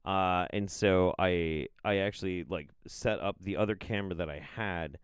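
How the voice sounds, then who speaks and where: A man's voice: low-pitched, normal speed, clean tone, no room sound, clean studio sound. A man reacting to played video clips with profane, incredulous commentary. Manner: profane, incredulous, animated outbursts.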